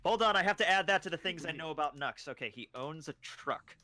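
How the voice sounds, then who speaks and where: A playful man with a high, bouncy voice, swinging widely in pitch. He teases his co-hosts in loose podcast banter, with crowd noise behind him. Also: animated, fast. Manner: playful, teasing jokester. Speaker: podcast co-host. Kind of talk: casual banter.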